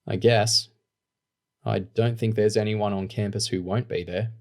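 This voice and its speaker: A man voicing a calm Australian boy. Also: fairly low pitch, a little slow. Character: twelve-year-old Australian boy, earnest, gentle. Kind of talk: audiobook reading.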